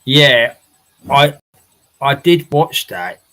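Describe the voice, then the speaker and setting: A man's voice: mid-range voice, lively intonation, extremely slow, bright, forceful tone, rough recording. A man hosting a casual livestream from his house, chatting with viewers in a rambling way, laughing often and swearing now and then. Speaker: livestream host. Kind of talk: casual chat reading viewer comments.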